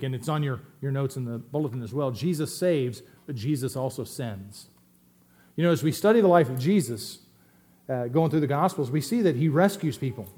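A middle-aged man preaching a sermon as pastor, swinging between loud emphatic stresses and quiet asides. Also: mid-range voice.

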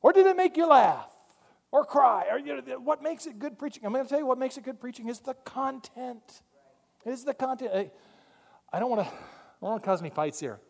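A man preaching a sermon from a church pulpit, animated, moving between quiet asides and loud emphatic points. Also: very high voice, a little fast, vocal fry. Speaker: pastor. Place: church sanctuary. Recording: long hall reverb.

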